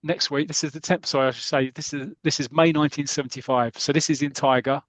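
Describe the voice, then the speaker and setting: A man's voice: fairly high pitch, fast, dry recording. Man retelling a comic, dry sound. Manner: animated, acts out the story as he reads. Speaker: podcast host. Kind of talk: casual chat retelling a comic strip.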